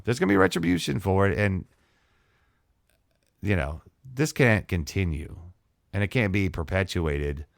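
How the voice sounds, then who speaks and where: A man with a very low voice, hosting his own podcast. He talks alone in a heated, repetitive rant, firing off the same question over and over and swearing freely. The recording is dry, with almost no room sound. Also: fairly bright tone, no echo. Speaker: podcast host. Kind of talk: solo podcast monologue.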